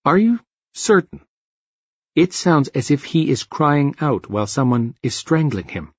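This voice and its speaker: A man voicing a strange, soft-spoken man who talks slowly and stiffly, like a robot. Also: a little high, very animated, slightly rough, dry recording, lo-fi sound, exaggerated voice. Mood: puzzled. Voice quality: soft-voiced. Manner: slow, stilted, robotic delivery.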